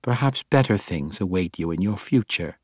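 A man voicing an imperious female dark elf matriarch in an audiobook, speaking in a cold, commanding and quietly threatening way. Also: low voice, expressive, moderate pace, dry recording, clean studio sound. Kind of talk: audiobook character voice.

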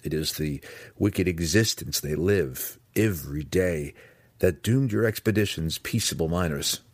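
A man reading aloud, voicing an earnest young male dark elf warrior who speaks with pressing intensity. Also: low-pitched, measured pace, breathy edge, no room sound. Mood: intense.

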